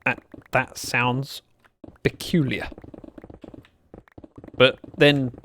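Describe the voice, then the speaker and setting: A man's voice: medium pitch, little pitch movement, drawn-out words, a bit bright, slight background noise. A young man streaming a block-building game, chatting and joking with his viewers as he plays. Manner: chatty, joking, reads out chat messages. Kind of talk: casual livestream chat while playing.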